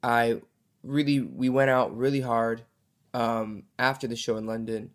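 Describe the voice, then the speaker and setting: A man's voice: mid-range voice, fairly even intonation, unhurried. A young man hosting a podcast in an upbeat, chatty way. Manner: upbeat, chatty, lots of fillers. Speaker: podcast host. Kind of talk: casual podcast chat.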